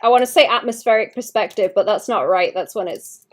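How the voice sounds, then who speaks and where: A woman's voice: medium pitch, a little fast. A young adult woman giving casual livestream commentary while she paints, thinking aloud, trailing off and restarting sentences, with occasional muttered asides. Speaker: streamer painting live.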